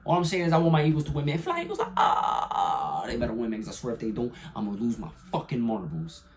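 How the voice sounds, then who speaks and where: A young man giving his weekly football picks in a casual, profane monologue, jumping between loud hype and quiet mumbling. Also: rapid-fire, a little hiss or hum. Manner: hyped and profane, swinging from loud excitement to low mumbles. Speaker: sports picks vlogger. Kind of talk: casual sports prediction monologue.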